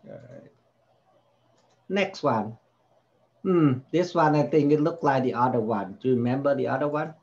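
A man's voice: medium pitch, very animated, moderate pace, gravelly, long pauses, darkish tone, lo-fi sound. A man tutoring a child in spelling, patiently repeating each word and sounding out its vowels. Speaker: home tutor.

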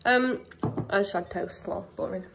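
A woman's voice: medium pitch, moderate pace, gravelly, fairly bright tone. A young woman vlogging casually from a car, bubbly and giggly, cooing at dogs. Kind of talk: casual vlog chat. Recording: car noise behind.

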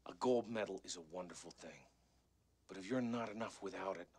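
An actor playing a gruff older coach who gives earnest, measured advice in a film clip. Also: male voice, low-pitched, darkish tone.

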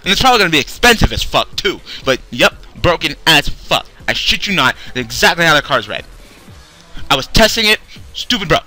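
A young man's bright, cutting voice with a highish pitch, ranting angrily at a game company. He swears constantly and turns sarcastic, with pitch leaping all over as he jumps from shouts to muttering. Soft music plays behind him. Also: sing-song, brisk. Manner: angry, swearing, sarcastic, swinging loud to mumbling. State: tired, low on energy. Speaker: YouTube card game video host. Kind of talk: profane rant to camera.

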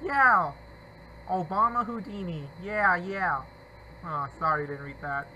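A man giving excitable gameplay commentary, talking to himself and often apologizing. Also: high voice, slow, slight background noise, poor audio. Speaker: gamer.

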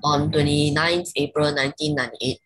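Halting student reading aloud. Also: mid-range voice, steady tone, a bit bright, husky, dry recording, low-quality recording. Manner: halting, self-correcting.

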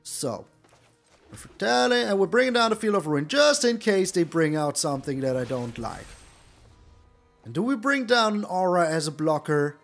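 High, animated gravelly man. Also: normal speed, soft background music. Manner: animated, theatrical groaning at the opponent. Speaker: gaming channel host. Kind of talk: live gameplay commentary.

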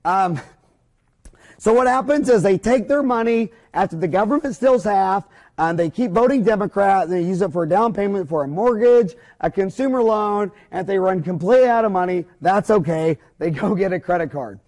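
A middle-aged man lectures at a whiteboard in a high, reedy voice. He talks bluntly and opinionated, rambling along with folksy mild cursing. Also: animated, moderate pace, darkish tone.

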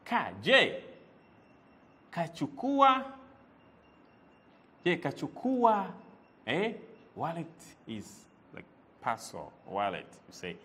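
A man's voice: fairly high pitch, sing-song, slow, pauses often, pushed and bright. A man teaching a language lesson, repeating words and quizzing the listener with "eh?" as he goes. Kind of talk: lively spoken language lesson.

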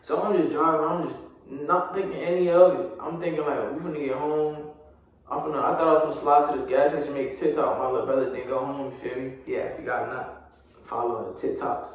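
A man's voice: mid-range voice, steady tone, fast, lo-fi sound. A young man telling a casual, slang-heavy storytime vlog, full of fillers, addressing his viewers. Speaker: vlogger. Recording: very echoey room, voice far from mic.

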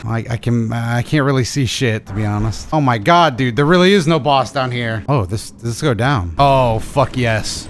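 A man narrating his own playthrough in an excitable, swear-heavy commentary, his pitch leaping all over the place. Faint game music plays underneath his voice. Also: takes it slowly. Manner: excitable, profane, bursts into yelps and laughs. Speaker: gaming video creator. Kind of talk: let's play commentary.

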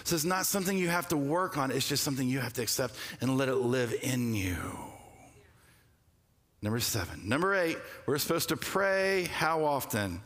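A man preaching a sermon as pastor, talking conversationally and telling stories with quick asides. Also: mid-range voice, sing-song, a bit bright. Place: church sanctuary. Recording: long hall reverb.

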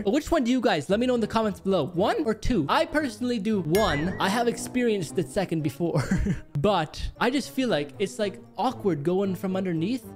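Chatty young man reacting with lively pitch. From Canada. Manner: chatty, rambling, mock-shocked outbursts. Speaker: reaction video host. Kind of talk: casual reaction commentary.

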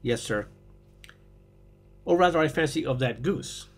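Guy doing a calm know-it-all detective, husky, smooth, audiobook. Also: medium pitch, measured pace. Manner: calm, bland, knowing. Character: cool, clever adult male detective.

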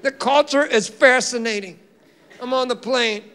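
A man doing a stand-up comedy set on a theater stage, animated and incredulous, firing punchy rhetorical questions, with audience laughter behind him. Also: very high-pitched, moderate pace, clear, resonant tone.

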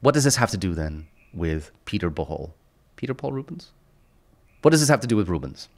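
A man's voice: on the low side, big pitch swings, fairly quick. A man teaching an art lesson over a screen recording, enthusiastic and repetitive, punctuating points with sound effects. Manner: enthusiastic, repeats phrases, punchy sound effects. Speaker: art instructor.

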